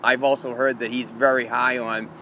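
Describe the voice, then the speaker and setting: A man's voice: medium pitch, flat delivery, normal speed, pushed and bright, slight background noise. A man co-hosting a casual sports talk show, laying out his views in a confident, emphatic way. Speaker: co-host of a hockey talk show. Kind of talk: casual analytical chat.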